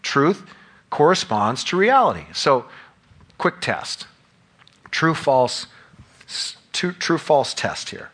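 A man's voice: fairly high pitch, sing-song, slow, long pauses, fairly bright tone, husky. A man preaching a sermon, reading scripture aloud and explaining it verse by verse, at times acting out the scene. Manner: expository, reads scripture aloud and acts out scenes. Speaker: pastor.

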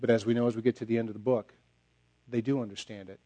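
Pastor, male, mid-range pitch, sermon delivery, emphatic with repeated lines. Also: fairly even intonation, fast talker. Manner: emphatic, repeats phrases and drops to a quiet close.

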